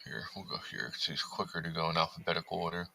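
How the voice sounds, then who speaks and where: A man's voice: deep voice, flat delivery, fast, gravelly, pushed and bright, a little hiss or hum, poor audio. A man hosting a casual livestream, chatting, reading viewer comments and talking to his cat. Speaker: livestream host.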